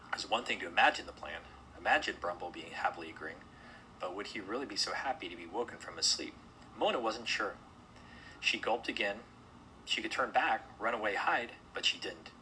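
A man's voice: lowish voice, a little hiss or hum, low-quality recording. Man reading a children's story aloud. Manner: gentle read-aloud, occasional slips and restarts. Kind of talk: storybook narration.

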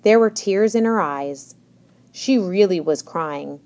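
A woman narrating a children's storybook in a gentle storytelling manner. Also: on the low side, animated, slow pace. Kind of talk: scripted narration.

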